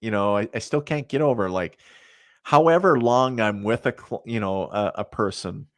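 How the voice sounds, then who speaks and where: A man's voice: on the low side, normal speed, dry recording, studio quality. A middle-aged man, a psychic medium, chatting as a podcast guest and telling rambling stories full of fillers. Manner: rambling, many fillers, laughs at his own stories. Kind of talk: casual storytelling in a podcast interview.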